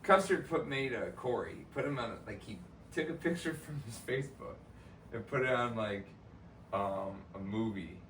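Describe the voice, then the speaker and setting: A man's voice: mid-range voice, moderate pace, a bit bright, far from the mic, a little hiss or hum. A man in casual chat who rambles with many hesitations and laughs easily. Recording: echoey room from off-mic, audible ambience.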